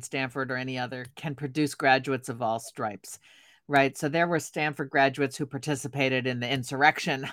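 A woman who once taught at a university, answering interview questions in a thoughtful, measured way. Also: rumbling low, no room sound, clean studio sound. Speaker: guest, former university educator. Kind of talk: podcast interview.

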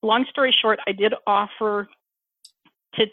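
A woman in her fifties, candid and animated, telling personal stories with frequent laughter in a casual chat. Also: medium pitch, unhurried, no room sound. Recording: tinny phone line.

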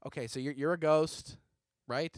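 A man's voice: on the high side, steady tone, dry recording, studio quality. A man co-hosting a comedy podcast, bantering casually in an exasperated, rambling way. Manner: exasperated, rambling, quick jokes. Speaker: podcast co-host.

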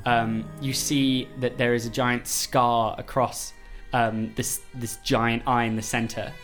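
A man narrating a tabletop game as game master, hesitant and filling pauses with "um". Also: mid-range voice, little pitch movement, a bit bright, soft background music. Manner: unhurried, hesitant, many "um"s.

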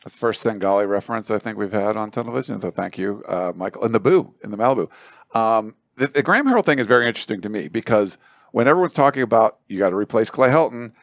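A man's voice: lowish voice, no echo, studio quality. A man giving sports analysis on a panel show, talking in a loose, rambling way with lots of fillers. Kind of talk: casual panel discussion.

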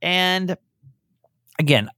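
A man's voice: high-pitched, extremely slow, dry recording, studio quality. A young adult man co-hosting a podcast, talking candidly in a casual chat and pushing with frank questions. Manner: candid, animated, talks in bursts with restarts. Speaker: podcast co-host.

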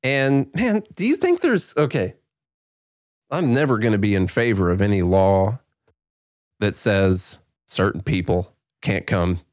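A man's voice: fairly low pitch, big pitch swings, a little mellow, no room sound, studio quality. A man hosting a podcast who reads news items in a plain tone and chats casually with a co-host. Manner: reads news in a plain tone, then banters with quick laughs. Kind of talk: casual chat and news reading.

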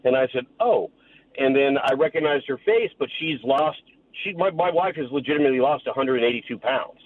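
A man's voice: medium pitch, fast. A man calling in to a radio show, telling a personal story in a matter-of-fact, wry way. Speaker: caller. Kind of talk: telling a story on a phone call. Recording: dull lo-fi line with faint noise.

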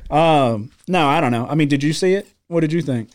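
A man's voice: fairly high pitch, brisk, a little mellow. A man co-hosting a sports betting podcast from a studio, ranting in heated, profane casual talk. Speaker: podcast co-host.

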